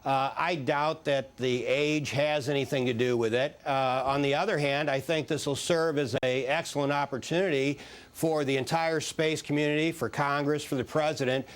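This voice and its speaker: A man, a former space agency official, answering questions in a live TV news interview in a measured, hesitant way with frequent fillers. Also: on the high side, steady tone.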